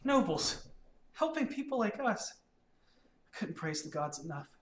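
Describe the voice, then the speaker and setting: A man's voice: high voice, very animated, unhurried, background noise, pitched above the performer's own voice. A man voicing a grateful common townsman who speaks earnestly, recorded in an echoey room.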